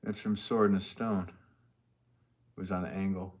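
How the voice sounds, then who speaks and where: A man's voice: deep voice, flat delivery, measured pace. A man, a potter, chatting casually to viewers on a live stream from his studio, rambling with lots of fillers and laughs.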